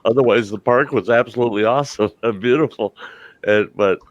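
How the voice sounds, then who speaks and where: A man's voice: medium pitch, brisk, dull audio. An older man hosting a casual chat, rambling through stories and laughing often. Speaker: host.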